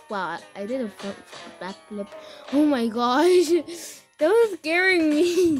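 A high, bright-pitched woman talks through her gameplay at an unhurried pace, squealing and giggling as the game spooks her. Faint music plays underneath her chatter. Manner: excitable, gasping and giggling, frightened squeals. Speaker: gamer recording her play. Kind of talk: casual gaming commentary.

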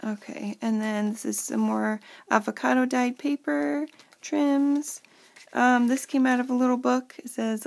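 A woman in her thirties talks through a handmade journal at home, chatty and full of little fillers. Her voice sits a touch high with a gravelly fry running through it. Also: steady tone, measured pace, a little mellow. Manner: chatty, lots of fillers, talks to kids off camera. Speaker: crafter showing a handmade journal. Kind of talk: casual show-and-tell.

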